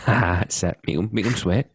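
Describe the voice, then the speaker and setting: A man's voice: lowish voice, a little hiss or hum. A Scottish man co-hosting a podcast, chatting casually and joking between laughs over a video call. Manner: joking, laughs often, mimics others. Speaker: podcast co-host. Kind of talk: casual chat.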